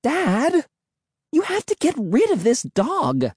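A man's voice: very high voice, wildly swooping pitch, takes it slowly, darkish tone, no echo, clean studio sound, voice pushed up, full character voice. A man voicing a bratty older sister who speaks shrilly and nastily, making demands. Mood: shrill. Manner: nasty, demanding.

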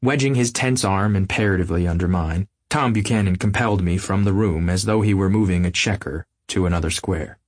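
A man narrating an audiobook in a measured, literary first-person reading. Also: deep voice, no room sound, studio quality. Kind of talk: scripted narration.

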